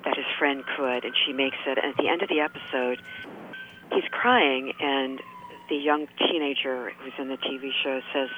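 A man's voice: medium pitch, moderate pace, a little hiss or hum. A man giving a reflective talk radio monologue, musing aloud and asking many rhetorical questions. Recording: tinny phone-line sound.

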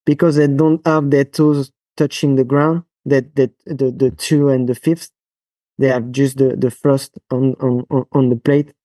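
A man from France with a French accent, a physiotherapist guest on a podcast interview, speaking haltingly with many fillers and restarts. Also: medium pitch, little pitch movement, warm tone, no echo.

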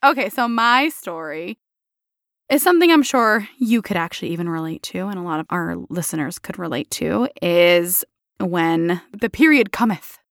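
A woman's voice: mid-range voice, animated, a little fast, a bit bright, no room sound, studio quality. A woman co-hosting a podcast in casual chat, teasing and laughing often. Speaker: podcast co-host.

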